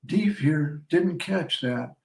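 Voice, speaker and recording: A man's voice: on the high side, animated, takes it slowly, creaky, full character voice. A man reading the lines of a tall, confident frontier general, good-humored and drawling, recorded in a roomy space from a distant mic.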